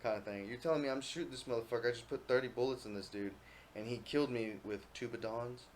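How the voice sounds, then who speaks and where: A young man hosting a casual podcast chat, swearing freely and getting loud when he tells gaming stories. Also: mid-range voice, fast, a little hiss or hum. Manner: profane, animated storytelling, yells when quoting himself. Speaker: podcast host.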